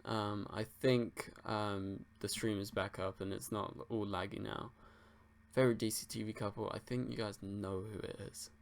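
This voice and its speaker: A young Englishman hosts a livestream, answering viewers' questions in a laid-back, rambling way and swearing casually. His voice is on the low side and gravelly, with little pitch movement and normal speed.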